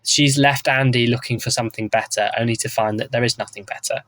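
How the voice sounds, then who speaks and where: A man's voice: medium pitch, fairly even intonation, quick pace, a bit bright, poor audio. A man co-hosting a podcast in casual chat, talking chattily with wry asides. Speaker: podcast co-host.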